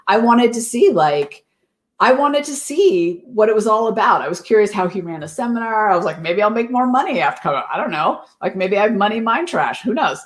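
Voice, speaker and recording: Upbeat chatty woman hosting a livestream. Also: medium pitch. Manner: effusive and chatty, thanking viewers by name; lively, upbeat delivery with lots of "like" fillers. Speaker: host of a live innovation show. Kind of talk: live-streamed motivational talk to viewers.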